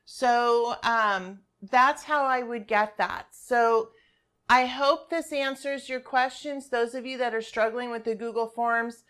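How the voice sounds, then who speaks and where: A woman's voice: a little high, fairly even intonation, slow, a bit bright, clear, resonant tone. A woman teacher giving patient, step-by-step class instructions over a screen share, repeating key points.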